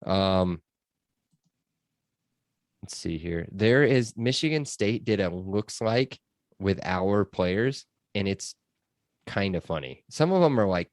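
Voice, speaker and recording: A man's voice: deep voice, expressive, slow, pauses often, dry recording, studio quality. A man hosting a casual sports podcast, chatty and loose with lots of fillers. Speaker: podcast host.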